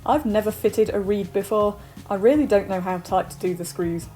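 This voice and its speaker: A woman's voice: medium pitch, moderate pace, warm tone. A woman making a casual music vlog, talking in a dry, self-deprecating way. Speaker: vlogger.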